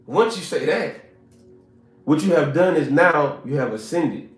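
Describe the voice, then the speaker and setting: A fairly high-voiced man speaks with emphatic, preacher-like drive, repeating his points and calling on viewers to answer in the chat. The room around him rings with echo, and soft music sits underneath. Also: expressive, unhurried. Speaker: motivational speaker. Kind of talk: motivational live stream talk. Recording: roomy echo with faint music.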